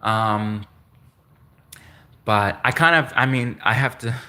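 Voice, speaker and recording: Man, bright forceful voice, rambling livestream monologue, restarts and repeats himself. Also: medium pitch, takes it slowly. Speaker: livestream host.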